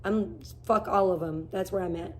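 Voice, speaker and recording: Husky-voiced woman ranting profanely. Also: lowish voice, steady tone, moderate pace, a little mellow. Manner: blunt, heavily profane, rambling rants; greets chat viewers by name mid-rant. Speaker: live streamer. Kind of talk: casual ranting livestream chat.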